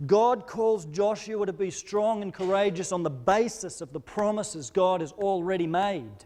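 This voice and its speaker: A man's voice: sits high, measured pace, hardly any pauses, mellow. A man preaching a sermon as pastor, in a conversational, informal way with frequent repeated words. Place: church auditorium.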